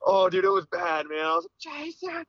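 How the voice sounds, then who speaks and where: A man's voice: sits high, steady tone, fast talker, fairly bright tone, no room sound. A young man from Pennsylvania, a podcast guest telling a hunting story in a rambling, casual way, full of "dude" and "like.". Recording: slightly dull, lo-fi podcast audio.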